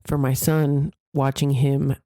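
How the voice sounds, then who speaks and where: A woman's voice: a bass voice, level tone, slow pace, mellow, no room sound, studio quality. A middle-aged woman hosting a podcast, talking in a casual, meandering monologue that often corrects itself mid-sentence. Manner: chatty, meandering, self-correcting. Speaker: podcast host.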